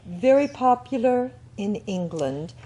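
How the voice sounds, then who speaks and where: Husky-voiced woman interviewer. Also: fairly high pitch, lively intonation, takes it slowly, dark tone. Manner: encouraging, reacting with short affirmations. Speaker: interviewer, host. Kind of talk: interview questions.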